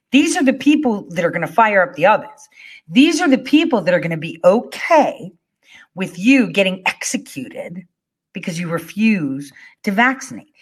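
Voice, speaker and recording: A woman vlogging to her viewers, telling a story in a blunt, animated way, swearing freely and using lots of "like" and "you know.". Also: a little high. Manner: conversational, many fillers like "you know" and "like".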